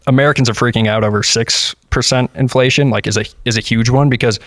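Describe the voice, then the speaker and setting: An earnest man talks as a guest on a casual podcast, stumbling and restarting as he builds his points. His voice sits in an ordinary middle pitch. The sound is dry and close. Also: fairly even intonation, fast talker, a bit bright, no echo. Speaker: podcast guest, libertarian activist.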